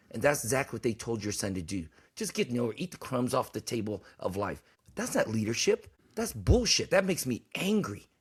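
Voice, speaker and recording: A man's voice: medium pitch, slightly rough. A man hosting a podcast in casual talk, blunt and emphatic, preaching his points and swearing freely. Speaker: podcast host.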